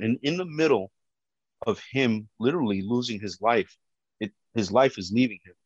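A man with a big, loud voice, a police officer giving personal testimony. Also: on the low side, brisk, husky, no echo. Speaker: police officer telling his story. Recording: dull, dry lo-fi recording.

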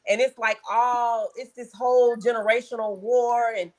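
An opinionated middle-aged woman speaks emphatically in casual chat, often breaking into laughter. Her voice sits a bit higher than usual. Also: steady tone, moderate pace.

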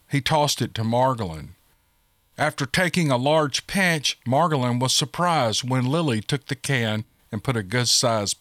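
A man giving steady, scripted narration of a monster-hunting audiobook. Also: mid-range voice, no echo, clean studio sound.

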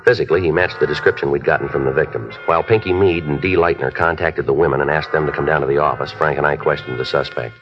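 A detective's very deep voice narrates in clipped, fast, matter-of-fact sentences. The sound is an old, dull radio broadcast. Music is clearly heard underneath. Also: male voice, fairly even intonation. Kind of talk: 1950s radio drama narration.

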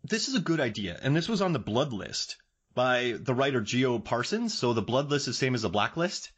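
A man's voice: mid-range voice, big pitch swings, a bit bright, husky. A man hosting a podcast, chatting casually and enthusiastically about movies. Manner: enthusiastic, fast-riffing movie talk. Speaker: podcast host.

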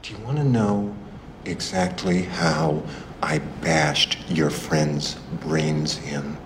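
An actor playing a creepy, menacing male convict, in a TV drama clip, talking slowly and half whispering. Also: rumbling low. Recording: TV audio clip with background noise.

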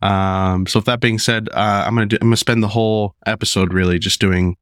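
A man hosting his own podcast, talking casually with lots of fillers and restarts while sick and rough-voiced. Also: lowish voice, fairly even intonation, brisk, fairly bright tone, no room sound, studio quality. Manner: rambling, many fillers and restarts. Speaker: podcast host. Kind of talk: casual solo podcast talk.

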